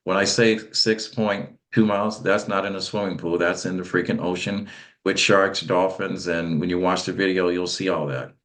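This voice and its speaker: Man, interview host, very deep voice, emphatic chatty delivery. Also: steady tone, moderate pace, fairly bright tone. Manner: emphatic and chatty, with stammered repeats.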